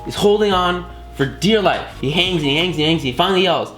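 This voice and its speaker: A man's voice: high-pitched, quick pace, a bit bright, echoey room, faint music behind. A man giving a casual, enthusiastic course lesson, talking in slangy bursts with many fillers and restarts. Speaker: course instructor.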